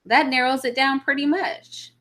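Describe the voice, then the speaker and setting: A woman's voice: high-pitched, fairly even intonation, normal speed, a bit bright. A woman hosting a casual live chat, a mother answering viewer comments in a blunt, opinionated way. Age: adult mother of children. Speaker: livestream host answering chat.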